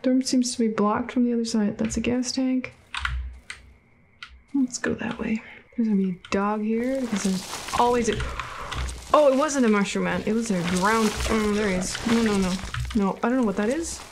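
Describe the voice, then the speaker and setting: A woman giving let's play commentary on a game, reacting out loud, swearing and laughing often, and yelping when startled. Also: a little high, fairly even intonation, moderate pace, noisy background. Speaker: gaming video creator.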